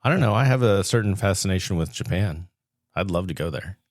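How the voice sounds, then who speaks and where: A low-voiced man on a casual podcast, recorded dry and close with no room sound. He hesitates and restarts his sentences, laughing softly in between. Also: expressive, no room sound. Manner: hesitant, halting, with soft laughs. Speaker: podcast co-host. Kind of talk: casual chat.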